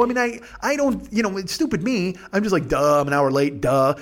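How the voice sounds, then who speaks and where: A podcast host with a high, slightly rough voice tells a rambling, profane comic story, wandering off on tangents and laughing throughout.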